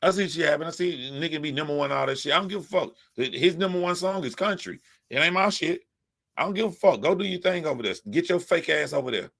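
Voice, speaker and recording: Forceful, profane man ranting. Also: a little high, fast, vocal fry. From United States. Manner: profane, emphatic, repetitive. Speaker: commentator. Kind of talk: ranting commentary.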